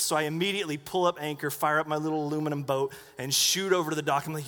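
A man's voice: a little high, fast, sharp tone. A middle-aged man preaching, telling a chatty story full of asides and acted-out quotes to his congregation. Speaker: pastor. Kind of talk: sermon story. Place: church sanctuary. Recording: long reverb of a church hall.

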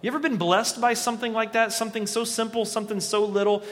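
A man preaching a sermon as pastor, talking in a conversational, animated way and acting out the voices he quotes. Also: high voice, fast talker. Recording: long reverb of a large hall.

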